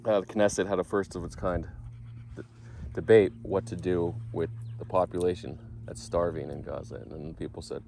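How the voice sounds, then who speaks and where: A man's voice: low voice, steady tone, moderate pace, gravelly, mellow, a little hiss or hum. A man vlogging casually, rambling and correcting himself as he thinks aloud.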